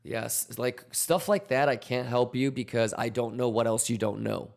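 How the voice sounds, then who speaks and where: A livestream host, a man, reads viewers' questions aloud and answers them as a coach. His voice has a gravelly, fry-edged texture at a middle pitch. His delivery is loose and slangy, full of fillers. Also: moderate pace, darkish tone. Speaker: crypto trading livestream host. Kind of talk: livestream chat reading and market commentary.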